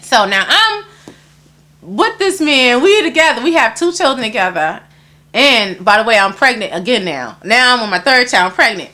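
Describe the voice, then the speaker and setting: A woman with a high-pitched voice tells a story as an interview guest. Her tone is bright and forward. She talks casually and animatedly, slips into other people's lines, and swears freely. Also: very animated, normal speed.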